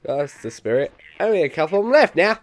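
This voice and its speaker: A man with a Liverpool accent and a slight cold, giving excitable let's play commentary and yelping at his own mistakes. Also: fast talker. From England. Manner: excitable, sudden high yelps at mistakes, self-mocking. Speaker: gamer.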